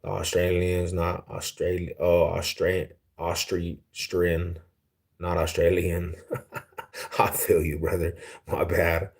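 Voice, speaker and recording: Laid-back young man, low voice. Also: completely flat delivery, slow, creaky, darkish tone. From Denver, Colorado, US. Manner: laid-back, slangy, easily amused. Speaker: livestream host. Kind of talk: casual livestream chat reading viewer comments.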